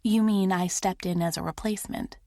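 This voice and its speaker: A woman narrator voicing a shy, eager young heroine who leaps into high, bright exclamations in audiobook dialogue. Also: fairly even intonation, fairly quick, no echo, studio quality, natural voice. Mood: flustered. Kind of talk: audiobook character reading.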